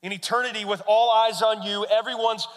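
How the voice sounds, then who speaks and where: Bright-voiced man preaching a sermon. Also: high-pitched, brisk, big-room sound. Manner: animated storyteller, asks the congregation questions. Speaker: pastor.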